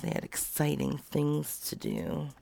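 A woman hosting a stream, chatting casually, swearing freely and drifting between quiet mutters and loud bursts. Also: sits low, completely flat delivery, a little slow, creaky, heavy background noise. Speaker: stream host making prank calls.

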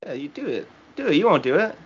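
A man's voice: fairly high pitch, very animated, fast, breathy edge, muffled recording. A man co-hosting a casual banter show, joking crudely and restarting his sentences. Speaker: podcast co-host.

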